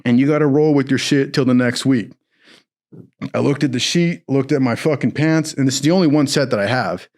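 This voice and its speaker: A man's voice: medium pitch, brisk. Profane laughing young man telling stories. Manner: profane, laughing, rambling, animated. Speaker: storyteller. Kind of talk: casual storytelling.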